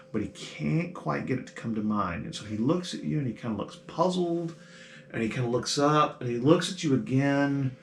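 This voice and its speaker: A man's voice: medium pitch, vocal fry. A man running a tabletop game as game master, narrating with lots of hesitations and fillers. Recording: echoey room with faint noise.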